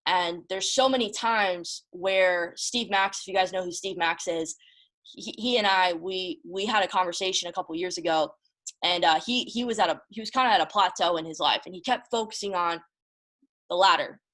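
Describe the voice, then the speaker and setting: A woman's voice: fairly low pitch, normal speed, a bit bright. A woman hosting a casual motivational talk, emphatic and emotional, often repeating herself and calling her listeners y'all. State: emotional, close to tears. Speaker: motivational host.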